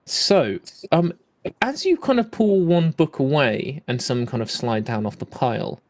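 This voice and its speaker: A man's voice: fairly high pitch, lively intonation, unhurried, darkish tone. A man narrating a tabletop game as game master, hesitant with many fillers.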